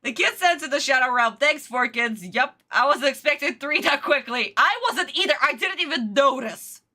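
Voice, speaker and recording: A young woman reacts to an episode on a casual livestream, ranting and swearing in exasperated outbursts. Her voice is high and sharp, with lively intonation at a moderate pace.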